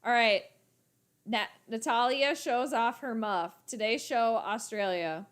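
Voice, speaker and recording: A woman hosting a casual sports livestream, talking chattily to her viewers in an animated way. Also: fairly high pitch, unhurried. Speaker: sports channel host.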